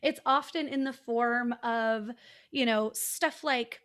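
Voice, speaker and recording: A woman's voice: a little high, takes it slowly, fairly bright tone. A woman hosting a podcast, explaining ideas in a teacherly way in long, flowing sentences. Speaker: podcast host. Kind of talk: casual conversational interview.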